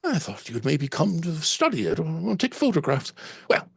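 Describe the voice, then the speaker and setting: Chatty village landlady with a lilting put-on Irish accent, high and breathy, played by a man, lively rises and falls, raspy edge. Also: moderate pace, no echo, full character voice. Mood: rambling. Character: homely village landlady, middle-aged, chatty, Irish lilt.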